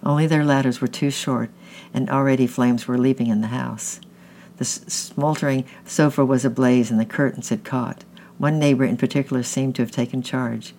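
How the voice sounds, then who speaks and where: A man's voice: mid-range voice, fairly even intonation, moderate pace, gravelly, a little mellow, slight background noise. A man reading a children's novel aloud in a plain way, often slipping and restarting words. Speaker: audiobook reader.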